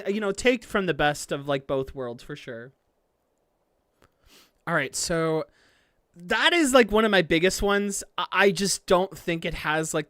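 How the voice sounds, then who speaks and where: A streamer offers casual live commentary on an anime episode, rambling, gushing, and swearing freely with lots of fillers. They swing into excited, high-pitched outbursts, and the audio is studio quality with no echo.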